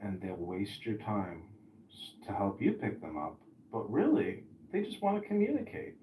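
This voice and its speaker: A man hosting a podcast in a casual chat, an animated storyteller who swears freely. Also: lowish voice, moderate pace, a little hiss or hum. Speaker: podcast host. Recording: roomy, distant mic.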